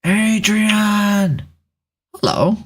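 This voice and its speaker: Trans woman streamer, husky voice, jokey and teasing, chatting w strangers. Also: mid-range voice, extremely slow. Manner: teasing, joking, animated. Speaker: livestream host chatting with strangers. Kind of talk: casual chat. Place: home room, seated at camera.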